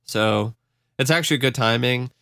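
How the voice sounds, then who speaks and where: Young male co-host, easygoing and halting, middle pitch, smooth and close. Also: pushed and bright, dry recording. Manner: laid-back, hesitant with fillers. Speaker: podcast co-host. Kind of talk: casual podcast chat.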